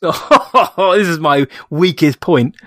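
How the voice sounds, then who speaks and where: A man's voice: on the high side, slow pace, fairly bright tone, no room sound, clean studio sound. A man co-hosting a podcast in casual chat, hesitant with fillers and laughing often. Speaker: podcast co-host.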